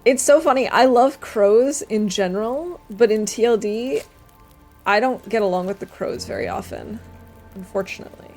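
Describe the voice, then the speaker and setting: A young adult woman streamer chatting casually while playing a game, reading chat aloud and dropping quiet asides. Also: a little high, moderate pace, faint music behind. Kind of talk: casual gameplay commentary.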